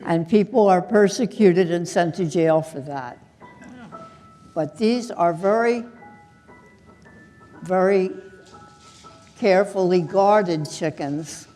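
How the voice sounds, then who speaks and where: A woman's voice: fairly low pitch, takes it slowly, pauses often, dark tone, in a large hall, faint music behind. A woman puppeteer chatting and explaining in a live puppet show, scolding a puppet in fun.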